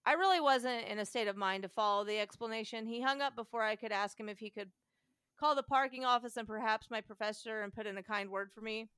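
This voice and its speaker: A woman reads a long internet post aloud on her podcast. Her telling is casual and animated, with frequent laughs and sudden changes of pace. Her voice is mid-pitched and the recording is dry and close. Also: fast, smooth, no room sound. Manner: animated, laughs often, shifts pace while reading. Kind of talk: casual dramatic reading.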